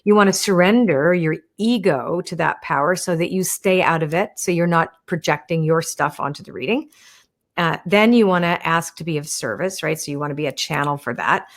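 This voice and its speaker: Speaking in a low voice at a moderate pace, a live stream host gently answers her viewers' questions about oracle cards. Her casual explanations are full of "right?" and "you wanna."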